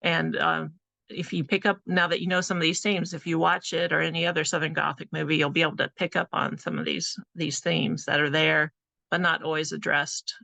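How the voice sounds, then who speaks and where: Gravelly, bright-voiced woman presenter. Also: low voice, level tone, fairly quick, no echo. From California. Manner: chatty, conversational, with frequent fillers. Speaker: author giving a presentation. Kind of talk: casual presentation talk.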